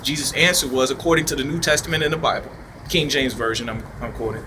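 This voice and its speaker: A man's voice: mid-range voice, quick pace, pushed and bright, a little hiss or hum. A man giving rambling, emphatic off-the-cuff commentary outdoors, with a preachy tone and rhetorical questions. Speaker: video commentator. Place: outdoors in a city park.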